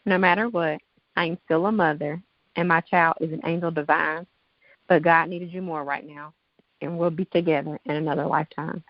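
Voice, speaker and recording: A woman in her thirties, a guest author, reads her own poem aloud in a slow, heartfelt way. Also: deep voice, steady tone, no echo. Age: 30s. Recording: dull lo-fi dry sound.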